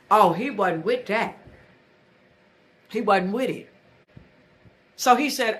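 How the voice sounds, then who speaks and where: A woman telling a comic story in a brash, boastful, animated way. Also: on the high side, takes it slowly, pauses often, over music. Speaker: comedic storyteller.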